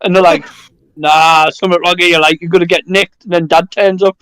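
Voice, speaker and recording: High-voiced, dry-sounding young Northern lad. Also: male voice, level tone, a little fast, a bit bright, clean tone, no echo. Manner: boisterous, sweary, laughing. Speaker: podcast co-host. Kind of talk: live podcast storytelling.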